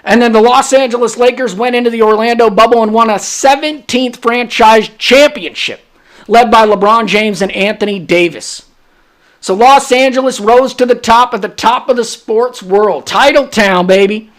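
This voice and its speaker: A man's voice: extremely high pitch, normal speed, fairly bright tone. A young adult man hosting a solo sports podcast, brash and hyped, trash-talking rival fans. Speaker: podcast host.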